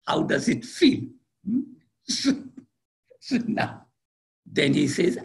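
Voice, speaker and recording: A man with an Indian accent giving a spiritual lecture, deliberate and repeating key words for emphasis. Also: on the high side, animated, creaky, darkish tone. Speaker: spiritual teacher.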